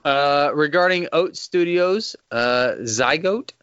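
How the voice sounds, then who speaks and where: A man's voice: on the high side, slow, a bit bright, clean tone, no room sound. A man with a Texas accent hosting a podcast, chatting casually, laughing often and swearing freely. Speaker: podcast host. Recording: dull lo-fi sound.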